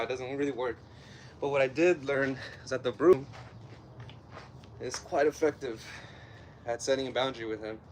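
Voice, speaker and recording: Working out at home on a casual livestream, a man with a mid-range voice and a Southern Californian accent talks with viewers and tells off his puppy between sets. There's slight background noise.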